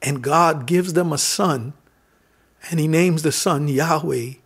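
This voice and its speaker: Husky fervent preacher man. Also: on the high side, slow. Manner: fervent, swings from loud calls to soft whispers; calls for congregation response. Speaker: pastor. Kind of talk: sermon.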